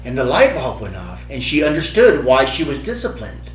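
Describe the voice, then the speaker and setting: Animated man telling a story in an echoey room. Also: moderate pace. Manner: animated, acts out quotes in a high child voice. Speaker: podcast host. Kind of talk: casual storytelling. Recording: echoey room with faint music.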